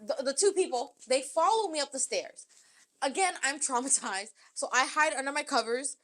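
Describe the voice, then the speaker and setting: A young woman co-hosts a casual podcast, telling a wild story with animated energy. Her voice sits a little high and she swears freely as she acts out what people said. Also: normal speed. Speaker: podcast co-host.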